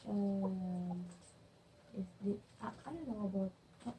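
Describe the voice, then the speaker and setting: A young woman student talks through her class notes slowly, halting and searching for words, often restarting her sentences. Her voice is soft and mellow. Faint ambient noise sits under her voice. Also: medium pitch, low-quality recording. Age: young adult. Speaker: student presenter. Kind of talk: spoken class review.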